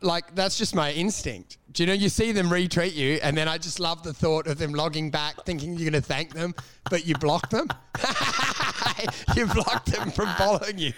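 A man's voice: on the high side, moderate pace, fairly bright tone. A man co-hosting a comedy podcast, teasing his co-host, laughing often and swearing freely. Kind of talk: casual comedy podcast banter.

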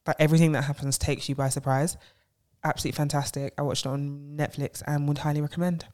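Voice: mid-range voice, level tone, fast talker, a little mellow. A podcast co-host with a mid-range voice, talking casually. They recommend a film with eager enthusiasm, chipping in details to help the others. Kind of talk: casual chat, movie recommendation.

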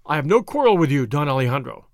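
A man voicing a bold masked highwayman who speaks in a lofty, commanding, scornful way in a storybook reading. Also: very animated, fast talker, no room sound, studio quality.

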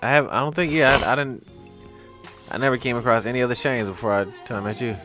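A man's voice: mid-range voice, steady tone, fast talker, pushed and bright, faint music behind. A young man co-hosting a casual chat, telling stories in a laid-back, slangy way.

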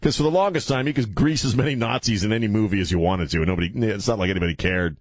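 A middle-aged male radio talk show host with a lowish voice races through loose, provocative banter with hardly any pauses, often breaking into laughter. The recording is dry and close, with no room around it.

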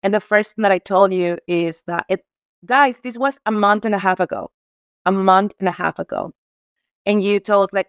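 Woman from Mexico, interview guest, heartfelt and tearful, smooth voice, dry close sound. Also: mid-range voice, normal speed, dry recording. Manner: heartfelt, tearful, many restarts and fillers. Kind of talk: emotional conversational interview.

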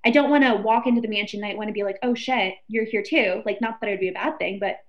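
A woman's voice: medium pitch, racing, lo-fi sound. A young woman from Texas, a reality show guest, telling her story casually and acting out what her friends said. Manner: animated storyteller who acts out quoted friends.

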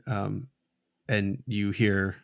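A man narrating as game master of a tabletop game, telling the scene slowly with halting restarts. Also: fairly low pitch, fairly even intonation, gravelly. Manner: slow, halting storytelling with many restarts.

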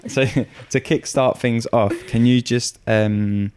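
A man's voice: medium pitch, fairly even intonation, takes it slowly, darkish tone, clear, resonant tone. A man hosting a podcast interview, bantering teasingly and laughing easily. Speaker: podcast host.

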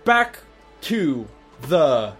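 A man's voice: a little high, sing-song, extremely slow, a bit bright, husky, faint music behind. A man narrating a tabletop game as game master, chatty and full of fillers.

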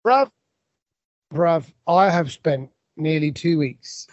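A man's voice: on the high side, expressive, takes it slowly, dry recording. A man co-hosting a podcast, rambling and joking through a story in casual banter. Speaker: podcast co-host. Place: abroad, calling in remotely.

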